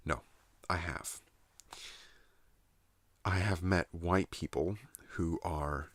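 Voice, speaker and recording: Slow, deep-voiced man rambling softly. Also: no echo. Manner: soothing, unhurried monologue. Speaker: ASMR channel host. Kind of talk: soft-spoken ASMR ramble. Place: at home in a trailer.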